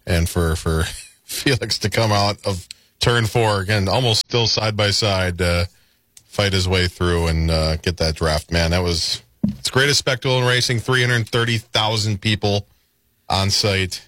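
A man's voice: on the low side, fairly even intonation, unhurried, a bit bright, no echo, clean studio sound. A man on a casual podcast speaking enthusiastically about a race. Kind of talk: casual banter.

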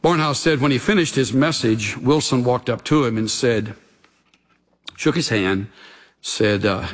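A man preaching a sermon as a pastor, in a measured, earnest delivery that sinks into hushed, intense passages. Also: medium pitch.

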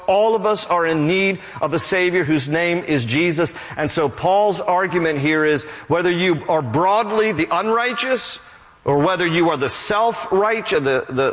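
Casting: male pastor, slightly high voice, lively sermon delivery, long hall reverb. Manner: animated preaching, reads scripture aloud.

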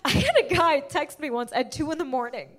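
A young woman with a high voice does stand-up on a club stage, brash and self-mocking. Her delivery is confessional and loose. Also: expressive, a little fast, fairly bright tone. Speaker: stand-up comedian. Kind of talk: stand-up routine. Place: comedy club stage with live audience.

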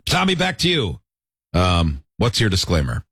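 A man's voice: low-pitched, huge pitch swings, normal speed, a bit bright, breathy edge, no echo. A middle-aged man hosting a radio show, swapping casual, self-mocking stories with his co-hosts and laughing often. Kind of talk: casual studio banter.

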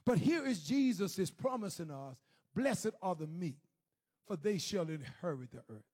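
A man preaching a sermon, moving from hushed, low moaning to shouted, sing-song exhortation. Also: very animated, moderate pace, husky.

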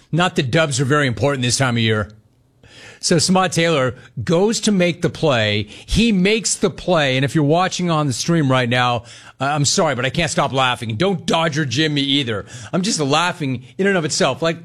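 Male sports radio host, slightly high voice, animated and teasing, quick riffs. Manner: animated, mocking, laughing commentary.

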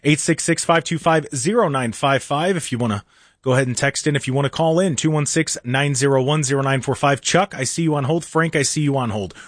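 A man's voice: medium pitch, dry recording. A man in his thirties hosting a talk radio show, rambling through an opinionated monologue with sarcastic, mock-earnest asides. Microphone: studio microphone.

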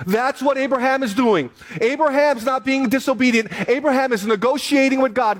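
High-voiced male pastor preaching. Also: brisk, few pauses. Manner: reads scripture aloud, then preaches with emphatic repetition. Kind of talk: sermon.

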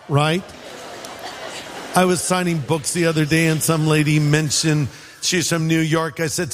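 A man's voice: fairly high pitch, normal speed, long reverb tail, slight background noise. A man from California preaching a sermon in a conversational way, acting out quotes and adding asides. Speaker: pastor.

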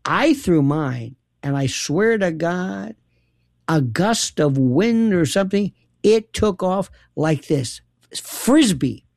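A woman's voice: lowish voice, slow pace, gravelly, no room sound, clean studio sound. A woman telling a funny story in casual chat, laughing and acting out quotes with lots of energy. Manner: animated, laughing, dramatic quoted voices. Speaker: radio host guest.

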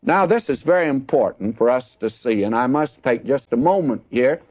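A man's voice: medium pitch, lively intonation, moderate pace, dry recording. Folksy man teaching the Bible. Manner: folksy, conversational, addresses listeners as friends. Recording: dull lo-fi dry recording.

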